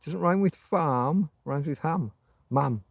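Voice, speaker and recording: Middle-aged Yorkshire man, unhurried meandering livestream host, dry close sound. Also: medium pitch, dry recording, lo-fi sound. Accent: Yorkshire English. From Yorkshire, England. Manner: musing, meandering, drifts between thoughts. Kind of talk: rambling casual livestream chat.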